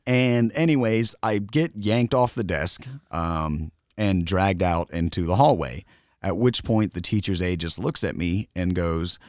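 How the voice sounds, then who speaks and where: A man with a very low voice tells a story casually on a podcast, laughing often as he goes. The recording is dry and close. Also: a little slow, darkish tone, no room sound. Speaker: podcast co-host.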